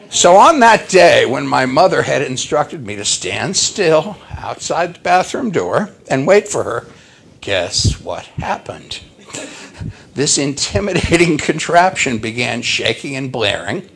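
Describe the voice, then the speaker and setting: An older male preacher tells a story from the pulpit in a dramatic, emotive way. His voice is raspy and gravelly, and he speaks slowly with big swings of pitch. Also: fairly bright tone. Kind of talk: sermon storytelling.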